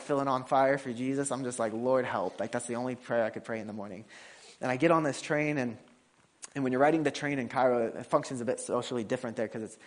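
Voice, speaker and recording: A man preaching a conversational sermon in a casual way, with frequent restarts and fillers while telling a personal story. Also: medium pitch.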